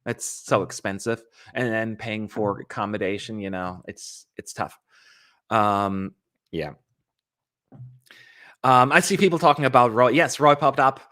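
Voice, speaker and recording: A man's voice: unhurried, long pauses. Chatty man with rambling livestream talk. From California. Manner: chatty, rambling, animated with sudden pitch jumps. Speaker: host of a fan channel livestream. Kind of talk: casual livestream chat.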